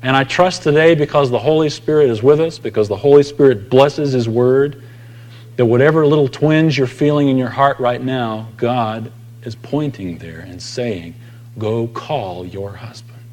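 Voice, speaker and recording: A man delivers a sermon in a mid-pitched voice. He talks conversationally, rising for loud emphasis and sinking to quiet intensity. His voice rings out with a long echo through a church sanctuary. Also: normal speed. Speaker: preacher.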